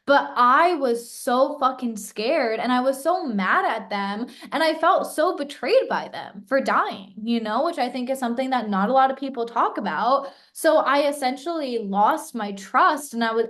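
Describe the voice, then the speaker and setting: A woman's voice: on the high side, fairly bright tone. A young woman co-hosting a podcast in casual chat, talking with lots of "like" fillers and acting out what others said. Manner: chatty, many "like" fillers, acts out quoted voices. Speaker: podcast co-host.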